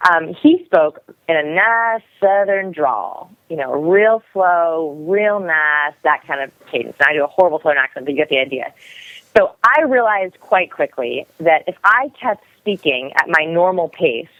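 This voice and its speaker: A young woman who talks quickly and energetically, explaining as a guest expert in a podcast interview. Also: sits low, lively intonation, no echo. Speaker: guest expert on body language. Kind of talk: podcast interview over the phone. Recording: dry, tinny phone line.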